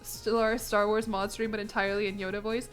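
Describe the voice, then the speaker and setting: A young American woman streams a game and chats casually, joking, mocking herself, and laughing often. She talks fast in a mid-range voice with little pitch movement, with soft music in the background.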